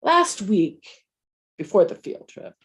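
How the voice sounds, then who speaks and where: A woman, once a teacher, telling a personal story in a conversational, measured way with dry humor. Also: mid-range voice, very animated.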